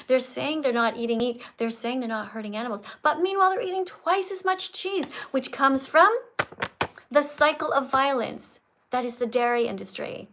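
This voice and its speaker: A woman's voice: sits high, a bit bright, low-quality recording. A woman hosting a livestream, lecturing a caller in an emphatic, scolding, preachy way. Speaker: livestream host teaching veganism.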